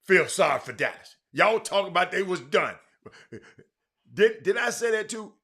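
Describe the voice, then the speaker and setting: Animated, bright-voiced man hosting a live sports chat. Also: high-pitched, moderate pace. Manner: chatty, shouting out viewers by name, many restarts. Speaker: live show host. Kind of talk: casual live-stream sports talk.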